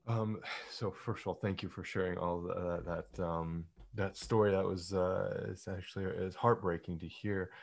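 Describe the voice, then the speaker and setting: A man interviewing a guest on a podcast. His voice is very deep, with a gravelly fry running through it. He speaks in a measured, hesitant way, pausing on fillers. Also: steady tone. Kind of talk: interview questions.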